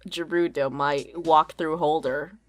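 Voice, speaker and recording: A woman's voice: low voice, fairly even intonation, measured pace. A woman streamer reading and narrating a horror game playthrough, swearing and joking with co-players. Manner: reads game text, swears, jokes with co-players.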